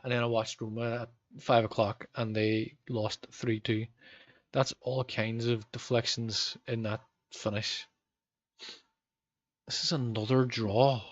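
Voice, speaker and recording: A man's voice: mid-range voice, little pitch movement, measured pace, no room sound, dull audio. A man in his thirties with a Northern Irish accent, streaming a football management game and chatting with viewers, rambling with lots of ums. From Northern Ireland. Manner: rambling, frequent ums, reacts to match events. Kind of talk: live gameplay commentary with chat.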